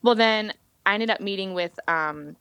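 Bright-voiced woman telling her story. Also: medium pitch, normal speed, smooth, no echo. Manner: animated storytelling, acts out her own past words. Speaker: podcast guest, worship leader. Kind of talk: candid personal testimony.

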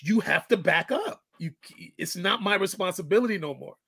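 A man's voice: high-pitched, lively intonation, normal speed, creaky, bright, forceful tone, husky, no echo. A middle-aged man and father telling a parenting story in casual chat, acting out the quoted lines. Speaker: guest, fitness coach and father.

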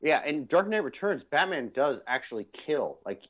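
A man's voice: fairly high pitch, sing-song, normal speed, a bit bright. A young man co-hosting a podcast, chatting eagerly and rambling with lots of fillers. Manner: enthusiastic, rambling with many fillers. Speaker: podcast co-host. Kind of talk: casual chat. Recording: dull lo-fi recording.

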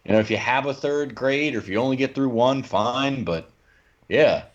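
A man's voice: medium pitch, normal speed. A man co-hosting a movie podcast, teasing and exasperated in casual chat. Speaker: podcast co-host. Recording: dull lo-fi sound.

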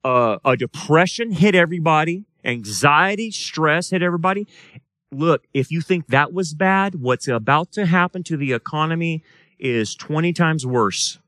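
A man's voice: a little high, animated, moderate pace, a bit bright, dry recording. A man teaching a Bible study as a pastor, talking casually and asking the class questions. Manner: plays out voices in quoted dialogue. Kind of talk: sermon. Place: church or study room.

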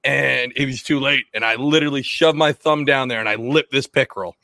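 Bright gravelly man telling fishing stories. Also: medium pitch, fairly quick, dry recording. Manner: rambling storyteller with laughs and restarts. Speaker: podcast host. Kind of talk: casual fishing chat.

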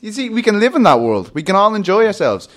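A man's voice: high-pitched, very animated, fast, a bit bright. A young Irish man co-hosting a podcast, chatting casually with lots of fillers and frequent laughter. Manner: rambling, laughs often, peppered with fillers. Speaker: podcast co-host.

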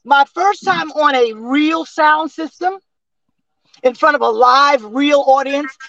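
A woman in her sixties, a singer and interview guest, telling stories in a lively way with laughs and restarts over a remote call. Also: high-pitched, slow, dry recording, highs cut off. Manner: animated storyteller with frequent laughs and restarts. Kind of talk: casual interview storytelling.

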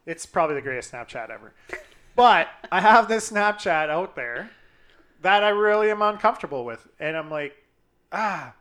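A young man co-hosting a casual chat, telling a profane story with lively acted-out quotes. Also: high-pitched, moderate pace. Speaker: podcast co-host.

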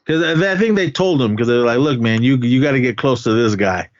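A man co-hosting a podcast, casually recapping a film and slipping into animated character quotes. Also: mid-range voice, a little fast, dry recording. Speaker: podcast co-host. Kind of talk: casual movie-recap chat. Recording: dry, slightly muffled podcast audio.

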